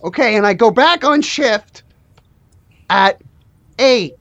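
Brief: woman putting on a drawling, soulless, lovesick shop worker for a tabletop game, higher voice, dry sound. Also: expressive, slow, fairly bright tone, dry recording, highs cut off. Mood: lovelorn. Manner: drawling slacker impression. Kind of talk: improvised tabletop role-play.

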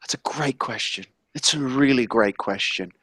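A man doing a soft, halting impression of a middle-aged celebrity chef, pleading earnestly. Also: mid-range voice, slightly rough, dry recording, pitched below the performer's own voice.

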